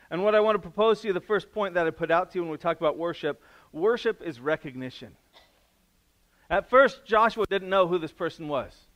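A man's voice: sits high, expressive, brisk. A middle-aged man preaching a sermon as pastor, in a casual, conversational way. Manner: casual, conversational preaching with restarts and acted-out quotes; drops to a soft, quiet voice in prayer.

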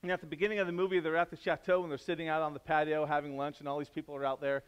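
A man preaching a sermon in a conversational way, climbing to loud, emphatic peaks and dropping to soft, low passages. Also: little pitch movement, racing, clean tone, dull audio. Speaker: pastor.

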